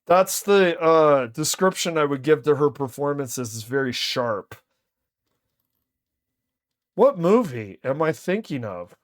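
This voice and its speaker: High-voiced, slow-talking male streamer. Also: animated. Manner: slangy, keeps saying "dude", thinks out loud. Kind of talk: casual reaction stream.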